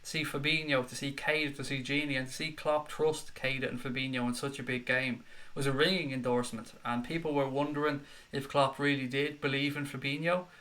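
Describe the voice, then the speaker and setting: A young man hosting a football fan live stream, chatting excitedly and reading out viewer comments. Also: medium pitch, fairly quick. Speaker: football fan channel host. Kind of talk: live-stream chat reaction.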